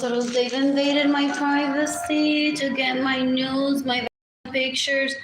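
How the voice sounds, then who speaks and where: A woman's voice: high-pitched, echoey room, low-quality recording. A woman livestreaming a rambling, repetitive monologue, muttering and switching between languages.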